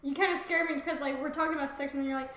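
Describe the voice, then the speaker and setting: A woman co-hosting a podcast, chatting casually with quick, blunt, teasing remarks. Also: sits high, steady tone, fairly bright tone, heavy reverb. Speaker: podcast co-host. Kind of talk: casual chat.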